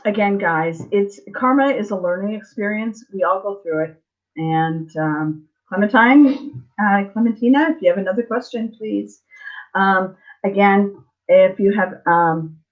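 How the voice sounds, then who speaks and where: A woman's voice: mid-range voice, muffled recording. Woman chatting loosely on a spiritual live stream. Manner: rambling, repeats herself, asks "right?" often. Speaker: tarot reader hosting a live stream. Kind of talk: casual spiritual talk to viewers.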